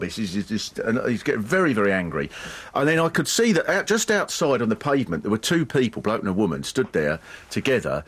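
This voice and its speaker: A man spins a story on a radio chat show, animated and full of energy. His voice is husky, and his pitch rises and falls a lot. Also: quick pace. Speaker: guest.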